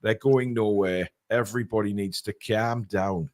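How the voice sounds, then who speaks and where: A man hosting a casual podcast, reading out comments in a blunt, halting, sometimes sweary way. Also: on the low side, fairly even intonation, a little mellow. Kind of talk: casual chat.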